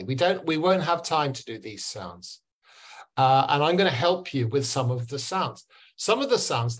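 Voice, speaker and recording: A man with an English accent from England, patiently teaching pronunciation to educators on a video call, repeating words to model them. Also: medium pitch. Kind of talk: online pronunciation lesson.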